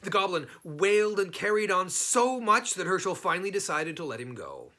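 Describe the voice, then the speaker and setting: A man reading a children's story aloud in an expressive, unhurried way. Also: sits high.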